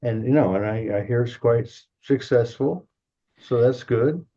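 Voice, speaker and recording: A man's voice: mid-range voice, moderate pace, dark tone, dull audio. An older man from Detroit, a guest in an interview, telling rambling anecdotes with frequent chuckles. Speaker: guest, drum company co-founder. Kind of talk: casual storytelling.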